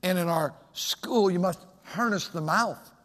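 High-voiced preacher with booming swings. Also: male voice, measured pace. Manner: swings from loud shouted emphasis to soft, hushed asides. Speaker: pastor. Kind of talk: sermon. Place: church sanctuary. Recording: long hall reverb.

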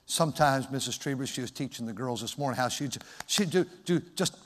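A middle-aged male pastor preaching a sermon in a personal, conversational way, pausing and restarting as he tells a story. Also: mid-range voice, a bit bright, long reverb tail.

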